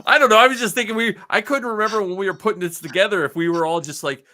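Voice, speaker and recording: A man's voice: a little high, quick pace, sharp tone. A man co-hosting a casual fan podcast who laughs easily and talks in a loose, rambling way. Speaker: podcast co-host. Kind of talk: casual panel chat.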